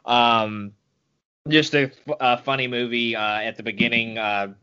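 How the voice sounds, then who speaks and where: A man on a casual movie podcast, talking haltingly with many fillers. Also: mid-range voice, steady tone, bright, forceful tone, smooth, lo-fi sound. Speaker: podcast co-host.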